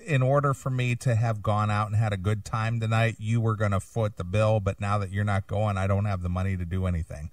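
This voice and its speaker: A man's voice: lowish voice, steady tone, brisk, few pauses, no echo, studio quality, far from the mic. A man hosting a casual radio talk show, blunt and probing, repeating points for emphasis. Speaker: host.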